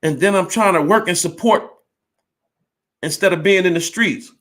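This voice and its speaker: Here a man in his fifties recounts his life bluntly and openly, swearing freely and playing both roles in an argument. His high-pitched, fairly bright voice moves at normal speed.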